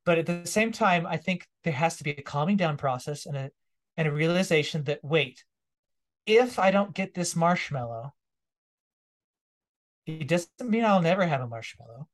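A man's voice: a little high, lively intonation, normal speed. Reflective man telling a story. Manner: reflective, storytelling, warm laughs. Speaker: guest. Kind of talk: casual interview conversation.

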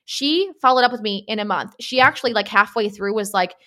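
Fast-talking, upbeat woman coach. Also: mid-range voice. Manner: animated, quick storytelling with acted-out quotes. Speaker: podcast guest, marketing coach. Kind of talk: casual podcast conversation.

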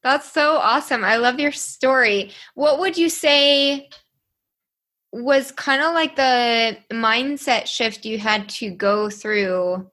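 A woman's voice: a little high, slow, sharp tone. A woman hosting a podcast interview, encouraging her guest with brief, friendly interjections. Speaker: podcast host. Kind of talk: casual interview.

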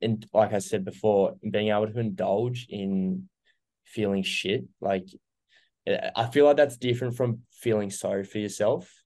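A man's voice: lowish voice, fairly even intonation, a little slow, darkish tone. A young man, earnestly reflecting on his recovery as an interview guest, with many fillers. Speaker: guest sharing recovery story. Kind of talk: casual interview.

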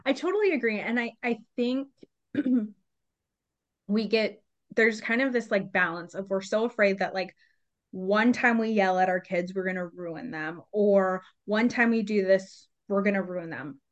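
A woman's voice: mid-range voice, measured pace, lo-fi sound. Chatty woman podcast host. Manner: chatty, self-mocking storyteller. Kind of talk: casual podcast conversation.

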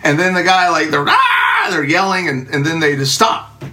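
A man telling a personal testimony, animated and acting out the voices of the people in his story. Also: fairly high pitch, normal speed. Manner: animated, acts out voices in quotes, laughs often.

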